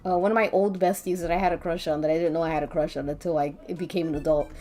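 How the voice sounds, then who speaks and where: A woman streamer draws while chatting casually on a live stream, rambling, swearing offhandedly, giggling, and humming to herself as faint music plays behind her. Her deep, warm voice stays steady even as she talks at a racing pace.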